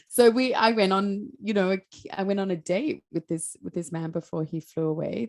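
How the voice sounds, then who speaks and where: A woman, a podcast co-host and coach, telling a personal story in casual chat, animated and laughing often. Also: on the low side.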